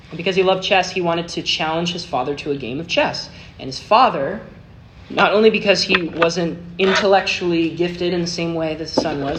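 A man preaching a sermon, telling a story with big swings between hushed and emphatic delivery. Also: high-pitched. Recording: noisy recording with clicks.

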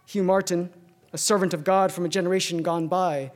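A man preaching a sermon, swinging from ringing emphasis to hushed near-whispers, with slow, deliberate repetitions. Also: high voice, fairly even intonation.

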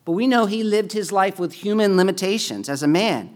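A man's voice: high voice, lively intonation, a little fast. Conversational man preaching a sermon. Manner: conversational preaching, rising with emphasis on key points. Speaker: pastor.

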